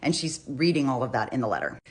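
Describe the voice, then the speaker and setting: Low-voiced woman discussing true crime. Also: very animated, fast. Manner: chatty, restarts often, reads out quotes with feeling. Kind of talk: casual true crime commentary.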